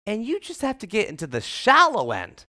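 Man quoting a brisk female swim teacher. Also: high voice, huge pitch swings, sharp tone, heavily acted. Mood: instructing. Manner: brisk, instructing. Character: matter-of-fact woman swim teacher.

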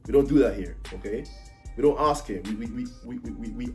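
A man's voice: mid-range voice, lively intonation, fast talker, a little mellow, faint music behind. A young British man from the UK chatting casually in a vlog, ranting animatedly with exasperated mock impressions. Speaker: vlogger.

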